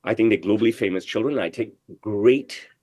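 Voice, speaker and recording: A man's voice: fairly low pitch, a little fast, a little mellow, no echo. A middle-aged man, a tailor, giving a brash, profane and emphatic interview, full of "bro" and "you know what I mean". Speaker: guest, tailor. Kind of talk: casual interview talk.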